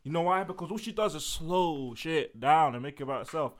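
A man's voice: a little high, brisk. A young man, ranting and joking in a casual podcast chat. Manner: animated, ranting, mimics people he talks about. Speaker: podcast co-host.

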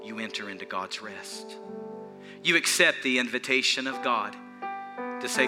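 A pastor preaching an earnest, animated sermon in a church, repeating phrases for emphasis and chuckling between points. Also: male voice, mid-range voice, normal speed, pauses often, over music.

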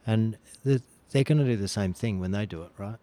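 A man co-hosting a podcast, with a very deep voice. He speaks directly and plainly, agreeing readily with the others. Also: fairly quick, warm tone. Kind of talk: casual podcast chat.

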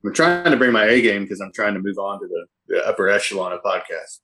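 A man's voice: fairly low pitch, fast, bright, forceful tone. A man guesting on a podcast, self-deprecating in casual banter.

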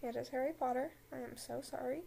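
A woman's voice: high voice, steady tone, quick pace, gravelly, warm tone, slight background noise, rough recording. A young woman hosting a casual podcast, rambling with lots of fillers and giggles, then reading a story aloud at home. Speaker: podcast host. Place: home room with a dog.

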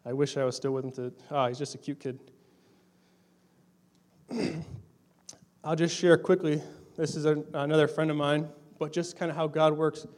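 A man's voice: fairly high pitch, darkish tone. A young adult man giving a casual missionary talk to a congregation, telling stories in a conversational, earnest way with fillers. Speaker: missionary speaking to a church.

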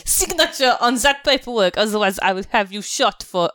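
A woman voices a stern, pompous male German general who barks threatening orders, pitching above her own voice. The result is on the high side and fairly bright, with lively intonation at normal speed.

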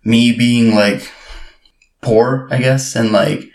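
A man's voice: mid-range voice, steady tone, slow pace, creaky. A man from Uruguay, a podcast co-host, chatting casually and laughing often as he tells self-mocking stories. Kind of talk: casual chat. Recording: roomy echo.

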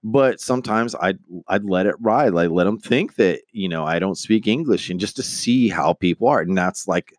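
A man's voice: low-pitched, normal speed, no room sound, studio quality. A man casually telling a rambling personal story, acting out the people in it. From United States. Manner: rambling, animated, acts out quoted voices; swears casually. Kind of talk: casual spoken anecdote.

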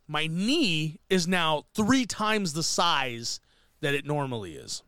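A man spins a crude comic story on a podcast, high-pitched and lively, his voice leaping up and down as he acts out the other people. The sound is dry and close, with no room around it. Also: slow, clear, resonant tone, no room sound. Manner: profane, animated, acts out quoted voices. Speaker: podcast co-host. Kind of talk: casual comedic storytelling.

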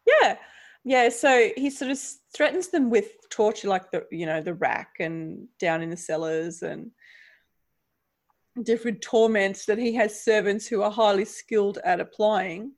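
Female co-host, chatty book talk, animated and quick to laugh. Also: mid-range voice. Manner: animated, laughs often, retells the story with feeling. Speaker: podcast co-host. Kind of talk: casual book discussion.

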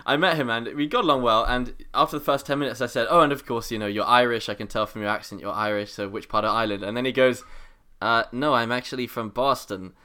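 A man's voice: medium pitch, fast, hardly any pauses, sharp tone, clean tone. A man co-hosting a casual chat show, playful and teasing, laughing often as he tells an anecdote. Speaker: podcast co-host.

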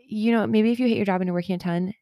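A woman's voice: medium pitch, fairly even intonation, dark tone, no room sound. Chatty woman podcast co-host, dry sound. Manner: chatty, quick, frequent fillers. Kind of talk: casual chat.

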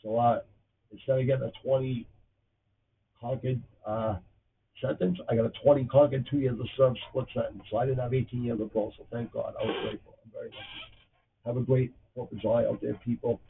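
A man's voice: mid-range voice, flat delivery, a little fast, creaky, distant mic. A man in his fifties with a Boston accent, hosting his podcast in a blunt, profane, rambling way. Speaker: podcast host. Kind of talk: casual livestream chat. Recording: tinny phone-like audio with faint noise.

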